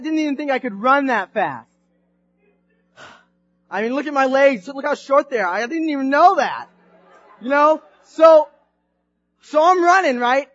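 A man preaching through a personal story, animated and swinging from hushed to shouting. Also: high voice, dry recording, highs cut off. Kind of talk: storytelling sermon.

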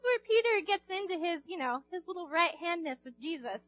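A woman's voice: extremely high pitch, lively intonation, brisk, fairly bright tone, no echo, highs cut off, soft background music. A young woman giving an informal, chatty sermon to a group, asking the audience questions and acting out quotes. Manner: chatty, playful, acts out quotes, asks the audience. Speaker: youth speaker.

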